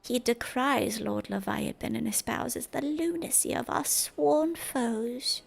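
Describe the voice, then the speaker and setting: A woman rasping as a fanatical fish-man zealot. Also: on the high side, fairly even intonation, pitched above the performer's own voice, full character voice. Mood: defiant. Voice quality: gravelly, raspy half-whisper. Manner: slow, menacing, drawn-out delivery. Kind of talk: reading game dialogue aloud in character.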